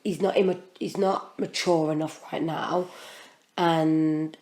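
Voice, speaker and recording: A British woman co-hosts a podcast, chatting casually about a reunion she took part in. Her voice sits a little low, and she talks in a gossipy way with frequent laughter. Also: fairly even intonation, slow, a little mellow. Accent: British English. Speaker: podcast co-host. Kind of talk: casual chat.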